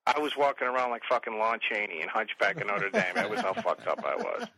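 Casting: forties man, bright husky voice, lively swearing storyteller. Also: mid-range voice, brisk, no room sound, poor audio. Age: 40s. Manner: profane, animated storyteller who mimics others. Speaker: podcast guest. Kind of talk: casual chat.

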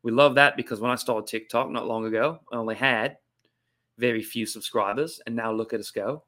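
Comedian doing a goofy put-on Aussie guy, loose British-Southern drawl, even middle pitch. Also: a little fast, close to an everyday voice. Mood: joking. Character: comedian's jokey mock Australian man.

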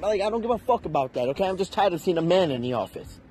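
A man's voice: high-pitched, fast, a little hiss or hum. A young man ranting in an unscripted, heated and profane way, with emphatic delivery. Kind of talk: unscripted rant.

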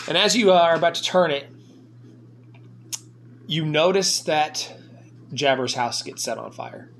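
A man narrating a tabletop game as game master, animated and quick to laugh and swear at his own slips. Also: a little high, vocal fry. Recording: faint buzzing noise.

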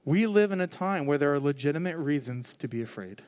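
A man preaching a conversational sermon from the stage, telling his own story candidly with lively, expressive delivery. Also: on the high side, brisk. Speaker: pastor. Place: on stage before a congregation.

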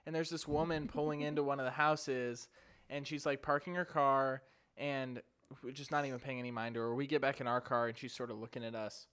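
A man co-hosting a podcast, telling an animated story and acting out what people said. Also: mid-range voice, fairly quick, smooth. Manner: animated storyteller, acts out quoted voices. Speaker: podcast co-host. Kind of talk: casual chat.

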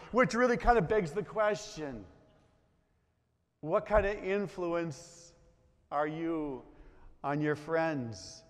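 A man's voice: a little high, drawn-out words, pauses often. A man preaching a sermon as pastor to his congregation, conversational and inviting them to repeat lines after him. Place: church sanctuary. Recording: long reverb of a church hall.

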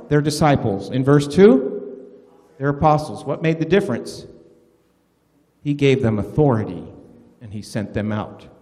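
A man preaching a sermon, animated and quizzing his listeners with questions. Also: fairly high pitch, big-room sound. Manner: animated, asks the congregation questions.

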